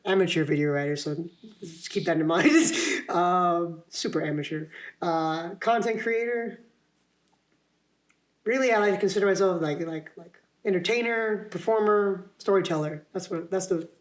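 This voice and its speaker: A man's voice: high voice, moderate pace. Rambling young man laughing at himself. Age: young adult. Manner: rambling, laughs often, self-deprecating, many restarts. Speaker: podcast guest, actor. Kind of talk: casual podcast interview. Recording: roomy echo.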